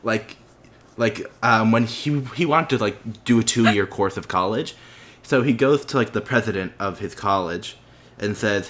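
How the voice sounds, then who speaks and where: A man's voice: fairly low pitch, normal speed, fairly bright tone. A man hosting a casual chat, laid-back, laughing often and swearing casually. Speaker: host.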